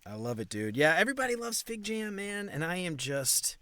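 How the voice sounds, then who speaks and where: A young man hosting a podcast, chatting casually and excitedly, full of slang. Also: high-pitched, a little fast, no echo, studio quality. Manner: excitable, slangy, says dude a lot. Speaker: podcast host. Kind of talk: casual interview chat.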